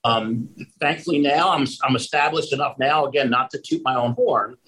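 Husky-voiced storytelling man. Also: mid-range voice, normal speed, rough recording. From Pennsylvania. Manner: animated storyteller who acts out the people in his story. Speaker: roofing contractor telling a story. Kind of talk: casual storytelling conversation.

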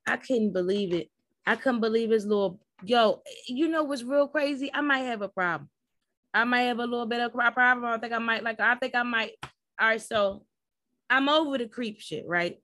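A woman's voice: a little high, normal speed, sharp tone, dry recording. A young adult woman hosting a casual live podcast recap, talking straight to her listeners in a rambling, blunt and profane way. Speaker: podcast host.

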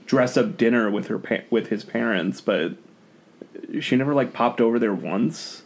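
A man's voice: medium pitch, normal speed. A man as a podcast guest in casual chat, opinionated and often restarting his sentences.

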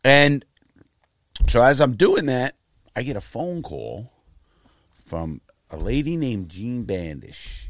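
Blunt, profane middle-aged American man for casual chat; low, animated voice, recorded dry and close. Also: no room sound. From United States. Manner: profane, blunt storytelling with lively quoted voices. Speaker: guest telling his life story.

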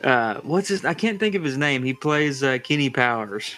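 Bright-voiced man hosting a quiz. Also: medium pitch, expressive, normal speed, faint music behind, rough recording. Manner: reads multiple-choice options, laughs easily. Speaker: quiz host. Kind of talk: casual podcast chat.

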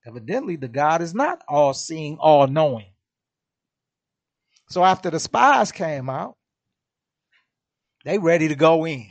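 Blunt, profane man ranting slowly. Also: high voice. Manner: blunt, profane, emphatic street slang. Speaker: podcast host. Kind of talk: impassioned podcast monologue.

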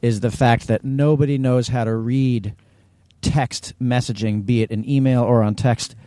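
Chatty, teasing man with a mellow voice. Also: mid-range voice, fairly even intonation, measured pace, dry recording. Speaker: podcast co-host. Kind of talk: casual chat.

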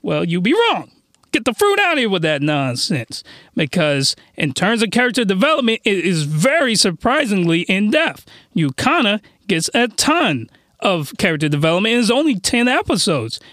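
Excited young man reviewing anime. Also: high-pitched, moderate pace, no room sound, studio quality. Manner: enthusiastic, laughing, lots of restarts. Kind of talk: casual review chat.

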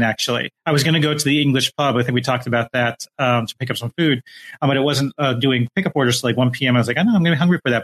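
A man co-hosting a casual chat, telling stories in a rambling, halting way. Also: mid-range voice, fairly bright tone. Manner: rambling, halting, full of restarts. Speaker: podcast co-host.

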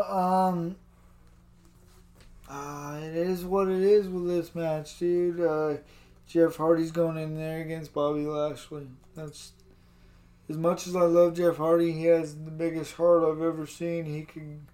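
A man's voice: fairly high pitch, level tone, takes it slowly, darkish tone. A man chatting casually about wrestling, laid-back and rambling, often calling his partner dude. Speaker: co-host.

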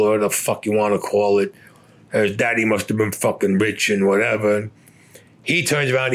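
An older man in his seventies, a war veteran bluntly recounting his experiences in rough, heavily profane storytelling. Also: on the low side.

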